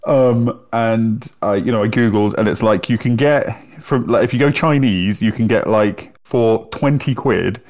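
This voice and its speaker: Chatty Northern English man, low voice. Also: a little slow, hardly any pauses, darkish tone. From Northern England. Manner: chatty, swears casually, laughs often. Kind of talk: casual chat.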